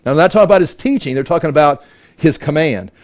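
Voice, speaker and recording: A man teaching a Bible study, emphatic and animated, often repeating words as he works through a point. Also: a little high, quick pace.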